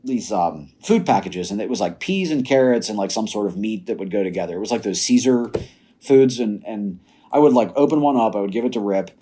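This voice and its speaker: A fairly low-voiced young man speaks with a dark, husky tone. He tells a personal story in a casual, animated way. He slips into quoting himself and others as he goes. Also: a little fast. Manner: animated, laughs while telling stories. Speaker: podcast guest.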